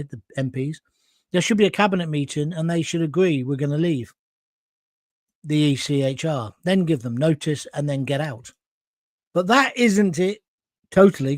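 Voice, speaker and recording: A man hosts a live stream in a fairly high voice, recorded dry with no room echo. He reads viewer comments aloud and answers them bluntly and emphatically, swearing now and then. He sounds hot and sweaty as he talks. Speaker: host of a live current-affairs stream.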